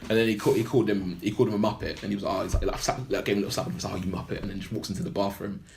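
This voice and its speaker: Rambling low-voiced man. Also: steady tone, rapid-fire, gravelly, a little mellow, slight background noise. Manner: rambling, full of "like" and "blah blah". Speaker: podcast co-host. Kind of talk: casual film recap chat.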